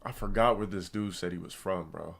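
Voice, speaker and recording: A man's voice: sits low, brisk, creaky, a bit bright. A man streaming, telling a rambling story to his chat in blunt, profane casual talk. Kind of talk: casual ranting monologue to a live chat.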